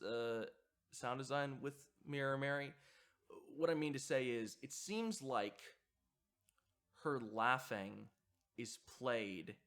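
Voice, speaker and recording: Male video essayist, mid-pitch voice, thoughtful and halting delivery full of fillers. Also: fairly bright tone. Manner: hesitant, frequent fillers and restarts. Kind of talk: reflective commentary on horror sound design.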